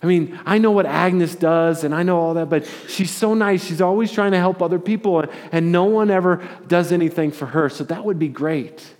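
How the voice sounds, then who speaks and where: A man voicing a kind, earnest middle-aged woman in a spoken story, softly, with long hall reverb. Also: sits high, normal speed, hardly any pauses, close to an everyday voice. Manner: soft, earnest.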